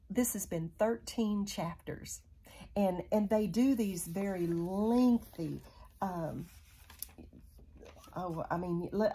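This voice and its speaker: A woman's voice: on the low side, dark tone, husky. A woman teaching a Bible study in a casual, hesitant way, with many fillers and restarts as she paraphrases scripture.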